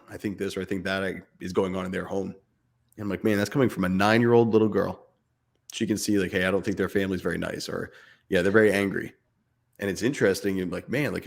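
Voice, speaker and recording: An earnest man in his thirties, his voice sitting a little low. He talks through fatherhood in a relaxed conversation, speaking in bursts as he pushes a point. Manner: earnest, speaks in bursts, imitates barking dad voice. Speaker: podcast co-host. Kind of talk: casual chat.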